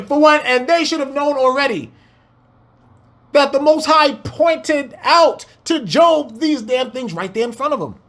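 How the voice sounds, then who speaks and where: A man's voice: very high-pitched, unhurried, fairly bright tone. A man preaching a fiery scripture breakdown, firing rhetorical questions and swearing as he exclaims.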